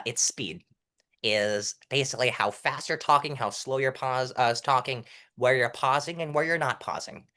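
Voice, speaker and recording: A young man with a stuffy nose explaining public speaking technique as an interview guest, demonstrating changes in loudness and pitch as he goes. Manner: self-admitted fast talker. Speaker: interview guest, mock trial coach.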